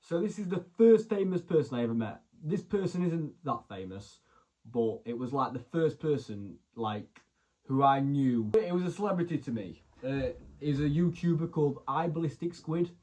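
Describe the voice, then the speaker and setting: A man's voice: fairly high pitch, animated, normal speed, darkish tone. A young man, casually telling rambling stories to camera, full of "so anyway" and "like". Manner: chatty, rambling, lots of "so anyway" and "like". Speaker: vlogger.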